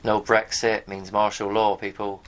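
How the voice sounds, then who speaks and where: A man's voice: lowish voice, level tone, a little slow. A man giving rambling, blunt commentary to his viewers as he reads from pages on screen, now and then swearing. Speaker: video host. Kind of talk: casual commentary while reading from pages on screen.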